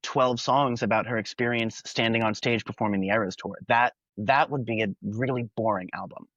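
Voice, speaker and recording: A man's voice: mid-range voice, fairly even intonation, fairly quick, a bit bright, dry recording. A talkative young man hosts a casual podcast about music, working through his thoughts in long, earnest runs. His voice sits in a middle range. The sound is dry and a little dull. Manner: earnest, talkative, quotes lyrics in character. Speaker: podcast host. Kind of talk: casual music review chat.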